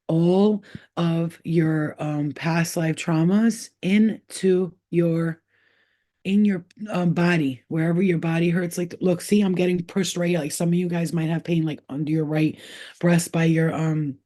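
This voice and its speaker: A woman's voice: fairly low pitch, fairly even intonation, measured pace, dark tone. A woman hosting a casual spiritual livestream, talking bluntly in streetwise slang with plenty of swearing and stopping now and then to scold her cat. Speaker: spiritual healer and livestream host.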